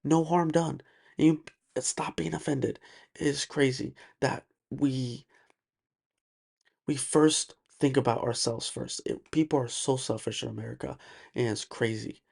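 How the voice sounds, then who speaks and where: Gravelly-voiced man ranting on a podcast. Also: mid-range voice, fairly even intonation, unhurried, a little mellow. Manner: emphatic, ranting, repeats words and uses many fillers. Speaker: podcast host. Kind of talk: solo podcast monologue.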